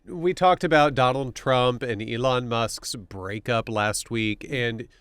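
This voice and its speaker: Man, podcast host, mid-pitched voice, dry close mic, casual banter, easygoing. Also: slow, fairly bright tone, smooth, dry recording. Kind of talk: casual political chat.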